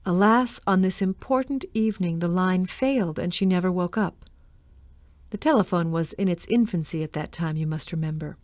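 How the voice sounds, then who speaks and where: A woman reading a storybook aloud in a measured, expressive way. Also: lowish voice, dry recording, clean studio sound. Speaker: reader. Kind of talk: storybook narration.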